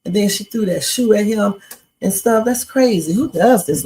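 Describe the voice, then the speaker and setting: A woman's voice: mid-range voice, expressive, moderate pace, dark tone, low-quality recording. Chatty woman hosting a reaction stream. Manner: chatty, opinionated, talks to the chat. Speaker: livestream host reacting to sketches. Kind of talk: casual reaction livestream.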